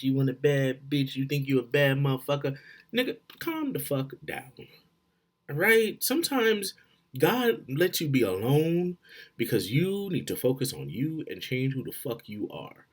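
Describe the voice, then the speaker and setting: A man giving blunt, profane relationship advice straight to the camera, swinging between loud and quiet. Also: mid-range voice, animated, unhurried. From Florida. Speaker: vlogger.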